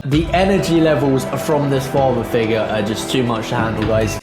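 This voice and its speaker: A man's voice: medium pitch, steady tone, moderate pace, few pauses, echoey room, music in the background. A man hosting a let's play video, chatty and jokey, talking to his viewers with plenty of filler words. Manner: chatty, jokey, uses "guys" and "um". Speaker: gaming channel host.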